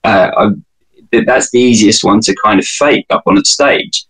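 A man's voice: fairly low pitch, moderate pace, fairly bright tone, breathy edge, poor audio. A British man speaking as a podcast guest in a casual, wry, digressive way, fond of analogies. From United Kingdom. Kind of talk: casual conversational interview.

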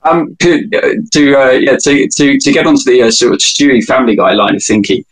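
A man's voice: mid-range voice, brisk, low-quality recording. A British man speaking as a podcast guest in a casual, wry, digressive way, fond of analogies. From United Kingdom. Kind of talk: casual conversational interview.

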